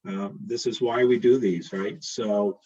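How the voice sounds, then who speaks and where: Low husky man with a Boston accent. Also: fairly even intonation, a little slow, mellow. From Boston, USA. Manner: casual and friendly, with many fillers and restarts. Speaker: school committee member co-facilitating. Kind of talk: closing remarks at an online public meeting. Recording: dull lo-fi call audio.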